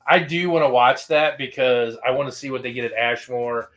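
A man hosting a podcast in casual chat, animated and acting out his reactions. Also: medium pitch, normal speed. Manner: animated, acts out yelling at his phone. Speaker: podcast host.

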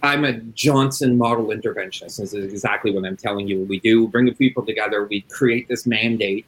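A man's voice: on the low side, brisk, rough recording. A middle-aged man who works as an addiction interventionist, talking bluntly and emphatically with plenty of swearing in a casual interview.

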